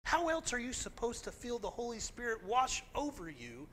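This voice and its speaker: A man delivering a sermon from the pulpit, his voice high for a man and ringing bright. He preaches earnestly and with emphasis, leaning hard into the scripture he reads aloud. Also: sing-song, moderate pace, slight background noise. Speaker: pastor.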